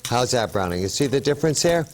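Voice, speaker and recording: Male cooking show host, mid-pitched, chatty and upbeat, talks through each step, faint hiss behind. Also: very animated, quick pace. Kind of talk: TV cooking demonstration.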